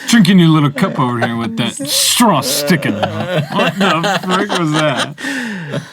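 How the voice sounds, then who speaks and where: A man's voice: a little high, very animated, a little slow, over a noisy crowd. A man co-hosting a casual chat, laughing and reacting to a story. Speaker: podcast co-host.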